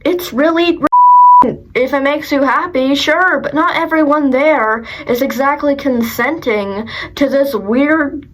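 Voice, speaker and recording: A woman's voice: sits high, slow, very noisy. A woman hosting a casual reaction video, talking into a phone in a rambling, self-deprecating, sarcastic way. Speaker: host.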